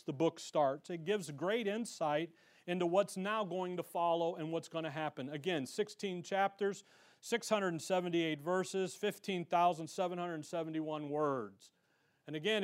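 A man teaching a Bible study in a folksy, conversational way, with slangy asides and emphatic stress on key points. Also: high voice.

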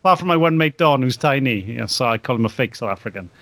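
A man's voice: mid-range voice, lively intonation, fast, a bit bright, no room sound. A man talking casually on a podcast about his work, looping back and restarting his sentences as he tells a story. His voice sits in an ordinary middle register. The sound is dry and close, with no room around it. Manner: rambling, anecdotal, many restarts and laughs. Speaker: wedding photographer, guest.

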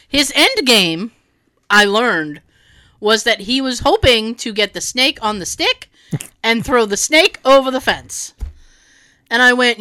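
A woman with a high, bright voice tells a story in a loose, casual chat. She swings her pitch widely and acts out every quote, swearing freely along the way. The sound is dry and close. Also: expressive, takes it slowly, pauses often, no room sound.

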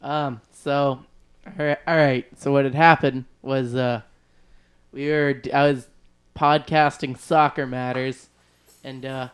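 A man's voice: mid-range voice, level tone, slow pace, clear, resonant tone. A man on a casual radio chat, recounting a blow-up in a rambling way and acting out the quotes. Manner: rambling, acts out quotes with shouting. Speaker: podcast regular telling a story.

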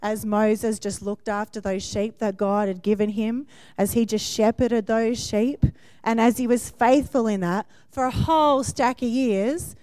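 Preaching conversationally, a woman in her forties keeps asking her listeners "yeah?" and laughs warmly along the way. She speaks with a fairly high, steady voice at a measured pace, with no room sound.

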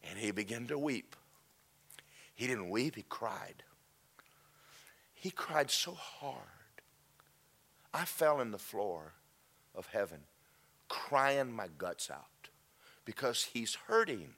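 A man preaching a sermon, telling an emotional testimony that drops to near-whispers and then rises loud. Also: mid-range voice, lively intonation, takes it slowly, long pauses. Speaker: pastor.

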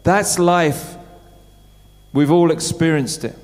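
A middle-aged man preaches in church with a fairly high voice and a slow pace, talking conversationally and questioning his congregation. The recording has the long reverb of a church hall.

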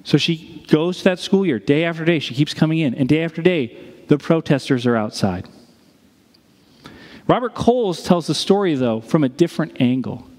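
A man preaching a sermon as a pastor, telling a story with dramatic pauses. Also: a little high, expressive, darkish tone, big-room sound.

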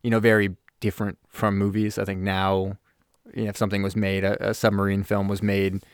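Man, podcast co-host, low voice, rambling casual talk, dry close mic. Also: monotone, a little fast, smooth, no room sound. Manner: rambling, restarts sentences. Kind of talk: casual movie review chat.

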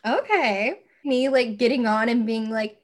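A woman's voice: a little high, measured pace. A young woman hosting a podcast from home, chatting casually and rambling with lots of fillers. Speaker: podcast host. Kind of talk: casual chat.

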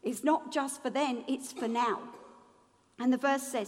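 A woman preaches with a high, bright voice and a playful, humorous manner. She acts out the figures in her sermon, and the long reverb of a large hall rings around her words. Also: measured pace.

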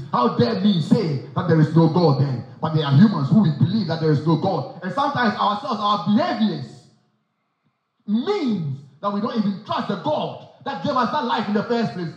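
Echoey, high-pitched preacher man. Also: big pitch swings, normal speed. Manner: emphatic, rhetorical questions, repeats phrases. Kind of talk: sermon. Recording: very echoey, dull sound.

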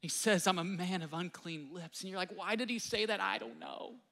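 Animated preaching man in a reverberant hall. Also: high voice, normal speed, gravelly. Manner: animated, conversational preaching with many fillers. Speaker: pastor. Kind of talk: sermon.

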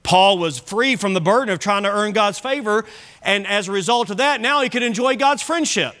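A man's voice: high voice, lively intonation, a little fast, sharp tone. A man preaching an evening sermon as pastor, emphatic and repeating key phrases. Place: church service.

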